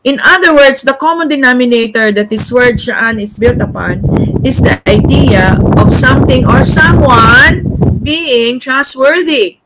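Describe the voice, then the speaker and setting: A woman's voice: sits high, unhurried, heavy background noise. A woman with a Filipino accent leading a Bible study, mixing English with Tagalog tag questions.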